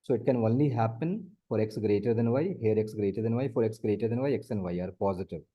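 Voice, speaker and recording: A man's voice: lowish voice, quick pace, breathy edge, highs cut off. A man tutoring math one on one, explaining step by step and repeating his points. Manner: explains step by step, repeats points, often says the student's name.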